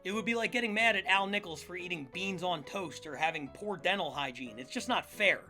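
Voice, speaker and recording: High, bright sarcastic male host. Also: a little fast, faint music behind. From Philadelphia area. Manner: sarcastic, jokey asides. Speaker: podcast host. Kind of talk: scripted comedic history narration.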